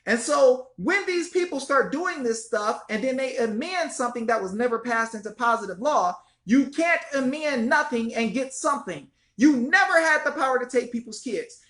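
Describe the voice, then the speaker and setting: A woman's voice: sits high, a bit bright. A woman vlogging an impassioned, repetitive rant straight to her viewers, calling them y'all. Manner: fiery, repetitive, swears mildly, addresses viewers as y'all. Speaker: activist vlogger. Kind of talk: impassioned direct-to-camera rant.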